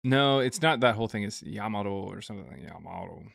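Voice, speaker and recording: A man's voice: lowish voice, animated, quick pace, vocal fry, a bit bright, no room sound, clean studio sound. A man hosting a livestream, telling rambling jokey stories and reading out viewer super chats. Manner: joking, rambling storytelling with laughs. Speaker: livestream host. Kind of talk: casual livestream chat.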